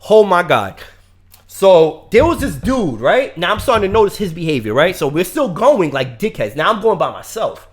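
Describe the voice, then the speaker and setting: Animated profane New storyteller man. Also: moderate pace. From Brooklyn, New York. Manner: animated, profane, swings from low mutters to loud outbursts. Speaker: podcast co-host telling a story. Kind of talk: casual storytelling chat.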